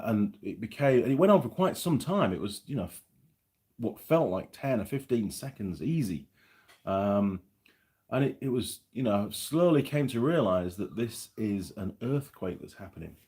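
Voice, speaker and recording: On the low side and a little mellow, a man's voice carries a relaxed New Zealand livestream where he wanders between reading viewer comments and telling a story.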